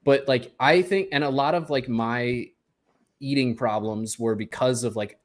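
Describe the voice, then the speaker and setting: A man's voice: mid-range voice, a little slow. A man co-hosting a podcast, talking candidly and casually with light laughs. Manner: relaxed, candid, laughs between thoughts. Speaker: podcast co-host. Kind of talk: casual chat.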